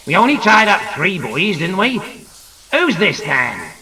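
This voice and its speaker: A man voicing a suspicious henchman in an audiobook, measured and wary. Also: sits high, sing-song, sharp tone, echoey room, far from the mic, exaggerated voice, poor audio.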